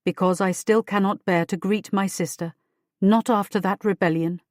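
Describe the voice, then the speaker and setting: A woman reading an audiobook voices a pregnant older queen with a deep voice and a cold, cutting, regal manner. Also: fairly even intonation, normal speed, darkish tone, no room sound, clean studio sound, natural voice. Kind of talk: audiobook character voice.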